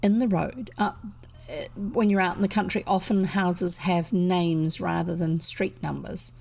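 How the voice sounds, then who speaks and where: A woman's voice: fairly low pitch, a little slow, creaky. A woman with a New Zealand accent reading a children's book aloud, with casual asides to listeners. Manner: steady storybook narration with asides. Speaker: reader.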